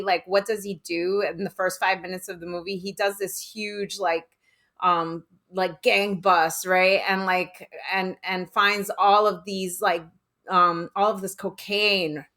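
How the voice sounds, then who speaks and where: A woman's voice: medium pitch, steady tone, measured pace, sharp tone. A woman who is a podcast guest, chatting casually about a film with lots of fillers.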